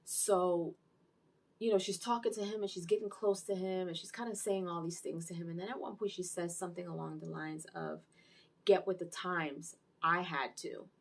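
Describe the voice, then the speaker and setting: A woman giving a casual, animated recap and review of a TV episode, telling the plot with exclamations. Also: lowish voice, fairly quick, creaky. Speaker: TV series reviewer.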